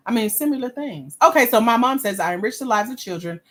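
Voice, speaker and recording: A woman's voice: a little high, expressive, fast talker, a bit bright. A woman hosting a livestream as a grant coach, reading viewer comments aloud and giving blunt, sassy feedback in casual slang.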